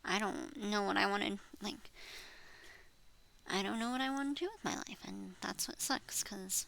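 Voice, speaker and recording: A woman in her thirties rambles through a frustrated personal vlog, venting, trailing off and swearing. Her voice is medium-pitched, gravelly and a bit bright, at a normal speed, and the recording quality is low.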